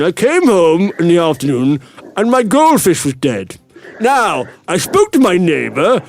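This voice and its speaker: Comic bit: a man playing a pompous french official, mock serious, voice climbing higher. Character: pompous French official blaming the vaccine for everything.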